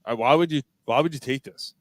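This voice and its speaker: A man's voice: mid-range voice, a little fast, dry recording. A man co-hosting a casual sports podcast, talking bluntly and with plenty of swearing. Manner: blunt, animated, swears freely. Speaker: podcast co-host.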